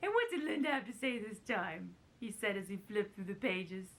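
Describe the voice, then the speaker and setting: A woman doing a raspy, quavering older showbiz grande dame while reading a storybook page aloud theatrically. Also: mid-range voice, sing-song, normal speed, fairly bright tone.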